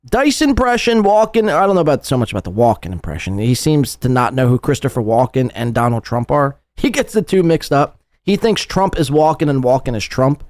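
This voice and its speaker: A man's voice: medium pitch, very animated, fairly quick, hardly any pauses, a little mellow, dry recording. A man hosting a podcast, commenting sarcastically and mockingly on clips in a casual way. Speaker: podcast host.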